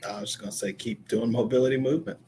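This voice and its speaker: A man's voice: medium pitch, rapid-fire, mellow, slight background noise. A man joining a podcast chat with short, dry, joking asides. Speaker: podcast panelist. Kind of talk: casual chat.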